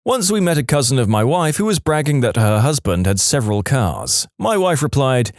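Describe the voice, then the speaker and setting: Man narrating with a lively, rising-and-falling delivery. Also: medium pitch, moderate pace, few pauses, no room sound, studio quality. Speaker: podcast narrator. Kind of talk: scripted narration of reader stories.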